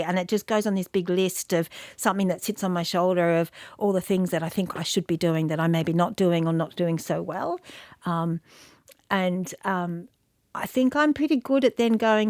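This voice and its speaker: A middle-aged woman with a lower voice talks candidly as an interview guest, reflective and quick to poke fun at herself. She often restarts her sentences while she searches for the right words. The sound is close and dry, with no room around her. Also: a little mellow, no echo. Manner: self-deprecating, reflective, with frequent restarts and fillers. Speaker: guest, media industry CEO.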